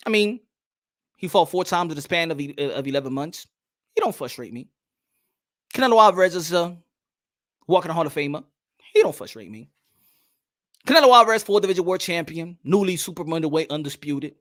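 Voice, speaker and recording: A man's voice: on the high side, dry recording, clean studio sound. A man hosting a boxing talk show, chatting casually with livestream viewers in loose slang. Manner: animated, laughing, slangy.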